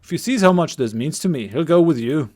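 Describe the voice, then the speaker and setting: A man's voice: fairly high pitch, animated, a little fast, a little mellow, close to an everyday voice. Man putting on a Scottish young apprentice. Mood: anxious. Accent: put-on Scottish. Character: young male apprentice of an old hermit.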